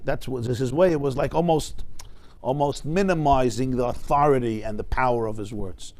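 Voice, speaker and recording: A man teaching a Talmud class. He swings between loud emphatic bursts and quiet asides, and asks the class rhetorical questions. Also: mid-range voice, moderate pace.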